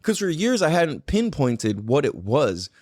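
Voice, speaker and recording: In a loose podcast conversation, this male host rambles, curses constantly and leans on "like" as filler. His fairly high voice is very animated yet measured in pace and a bit mellow, captured cleanly in a studio with no room sound.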